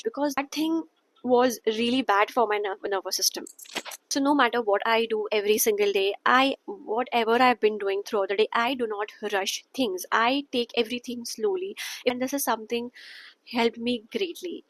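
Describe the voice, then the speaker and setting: A woman's voice: on the high side, poor audio. A young woman with an Indian English accent talks to camera in an earnest, repetitive way, now and then dropping Hindi phrases into her English. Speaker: wellness vlogger. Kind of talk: casual talk to camera.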